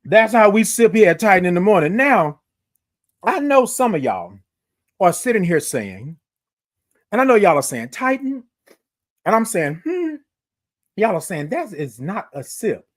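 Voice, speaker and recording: Male morning-stream host on a phone, high and very lively, reads out viewer comments and stretches out his greetings. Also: moderate pace, pauses often. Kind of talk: upbeat live-stream chat greeting viewers.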